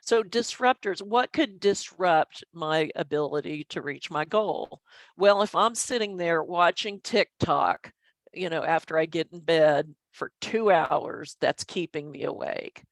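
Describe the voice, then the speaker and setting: A middle-aged woman who works as a statistician explains measures in an online training presentation, using goofy, self-deprecating humor. Her voice is on the low side and unhurried, with no echo.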